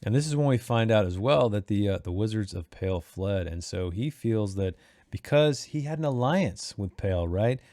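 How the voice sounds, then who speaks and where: A man hosting a read-along book club who gives his casual, opinionated take on chapters, talking in an animated way with frequent restarts. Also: lowish voice, moderate pace, dry recording, clean studio sound.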